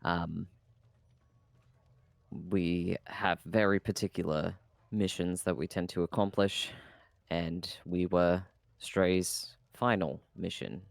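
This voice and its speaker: A man playing in a tabletop game, reading a letter aloud in a measured, hesitant way. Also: low voice, fairly even intonation, vocal fry, dry recording, studio quality.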